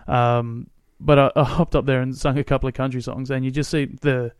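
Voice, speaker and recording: A man's voice: medium pitch, flat delivery, brisk, smooth, dry recording, studio quality. Chatty man with a New Zealand–Australian accent. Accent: mixed New Zealand and Australian. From New Zealand, grew up in Australia. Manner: chatty, laughs often, acts out quotes. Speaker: podcast host. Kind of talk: casual chat.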